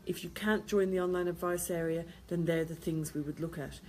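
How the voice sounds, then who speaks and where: A woman's voice: on the low side, steady tone, brisk, darkish tone, a little hiss or hum. Tired woman giving baby-sleep advice. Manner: plain practical advice, repeats points, reads questions aloud. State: tired, yawning. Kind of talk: answering viewer questions.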